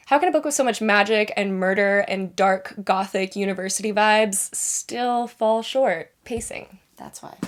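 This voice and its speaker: A young woman reviewing books in a casual, rambling vlog, with self-deprecating asides. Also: medium pitch. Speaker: book reviewer.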